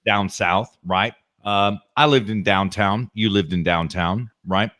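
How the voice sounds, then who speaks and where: A man's voice: lowish voice, unhurried, bright, forceful tone. A man co-hosting a podcast, talking in an emphatic, opinionated way, often turning to the listener and checking in with "okay?". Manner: emphatic, keeps asking "okay?" and addresses the listener directly. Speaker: podcast co-host.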